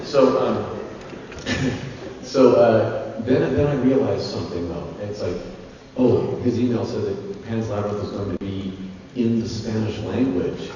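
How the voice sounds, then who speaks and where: A man telling stories as a convention panel guest, animated and laughing often, acting out the voices of the people he quotes. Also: on the low side, a little slow, slight background noise. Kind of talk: anecdotal storytelling. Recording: echoey dull hall sound from far off.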